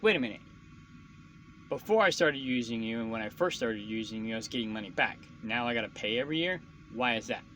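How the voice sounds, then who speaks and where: A man's voice: medium pitch, pushed and bright, a little hiss or hum, poor audio. A man venting casually to the camera, frustrated and swearing often as he rants. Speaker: truck driver vlogger.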